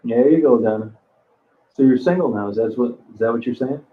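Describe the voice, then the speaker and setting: A man's voice: medium pitch, brisk. Man, livestream host, blunt and crude, rambling; tinny phone-like audio. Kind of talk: casual live chat reading comments.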